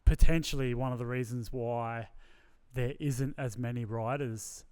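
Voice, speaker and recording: Smooth-voiced podcast host. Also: male voice, mid-range voice, steady tone, unhurried, a little mellow. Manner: thoughtful, rambling with restarts. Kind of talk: casual podcast chat.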